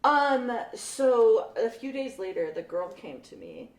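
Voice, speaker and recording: A young woman who teaches math tells a lively classroom story in a casual interview, laughs often and acts out her students' voices. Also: a little high, takes it slowly, hardly any pauses. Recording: echoey room, mic at a distance.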